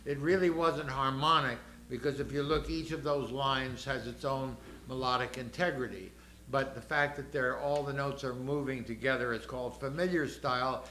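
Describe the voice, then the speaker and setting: A man's voice: medium pitch, fairly even intonation, moderate pace, sharp tone. An older man directing a choir rehearsal, explaining the music and counting the singers in. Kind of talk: choral rehearsal instruction. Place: rehearsal room. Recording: echoey rehearsal room.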